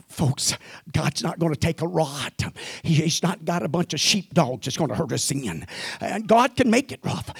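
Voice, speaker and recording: Gravelly, husky preacher man. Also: a little high, no echo, clean studio sound. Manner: preaching with frequent amens, rising to shouted climaxes. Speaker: pastor. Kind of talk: sermon.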